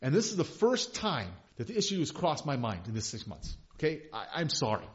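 A male pastor preaching a sermon, impassioned, swinging from hushed confession to loud emphasis. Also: fairly high pitch, huge pitch swings, a little fast. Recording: dull lo-fi recording.

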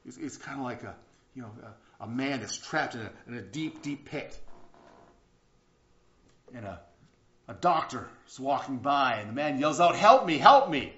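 A man preaching a sermon in an earnest way, often repeating words and restarting, swinging between loud and hushed. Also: mid-range voice, moderate pace, pauses often. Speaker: pastor. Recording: roomy, slightly dull sound.

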